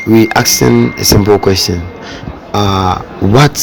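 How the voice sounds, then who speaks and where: A man's voice: fairly low pitch, fairly even intonation, normal speed, gravelly, background noise. A man asking passers-by questions in a casual street interview, teasing them and acting out pickup lines.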